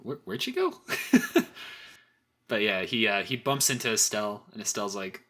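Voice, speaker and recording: A man's voice: fairly low pitch, huge pitch swings, unhurried, a bit bright. A young man co-hosting a casual podcast chat, laughing often as he retells scenes. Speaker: podcast co-host.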